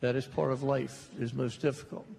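An older man telling stories slowly and jokingly to a live audience in a hall. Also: medium pitch, little pitch movement, creaky, a little mellow. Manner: slow, drawling, joking storyteller. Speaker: author on a talk stage. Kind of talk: storytelling at a public talk. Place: large hall before an audience. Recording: reverberant hall with faint noise.

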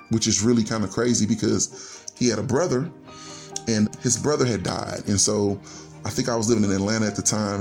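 A man's voice: lowish voice, creaky, darkish tone. A man earnestly telling a personal family story on a radio show, linking his sentences with "and so" as he goes. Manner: earnest, heartfelt, strings clauses with "and so". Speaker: storyteller guest.

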